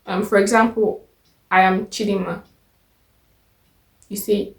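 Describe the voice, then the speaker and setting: A woman's voice: mid-range voice, steady tone, reverberant. Patient Nigerian woman teaching phrases. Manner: patient, repeats each phrase slowly and clearly. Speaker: language teacher. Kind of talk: step-by-step language lesson.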